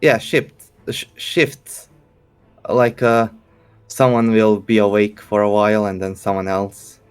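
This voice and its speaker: A man's voice: on the low side, flat delivery, takes it slowly, clean tone, faint music behind. A man playing a tabletop game, hesitant and often stammering. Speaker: player.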